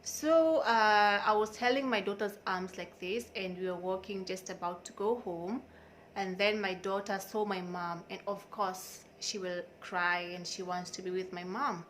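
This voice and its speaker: A woman's voice: medium pitch, steady tone, a little slow, a bit bright, a little hiss or hum. A young woman tells a personal story in a candid vlog, in an emotional, confiding and outspoken way. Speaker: vlogger.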